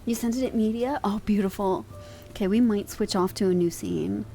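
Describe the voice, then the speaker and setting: A woman's voice: mid-range voice, a little fast, vocal fry, mellow. Casting note: a woman streamer, chatty and giggly, swears freely, mid-range voice, light music underneath. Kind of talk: casual chat with live chat.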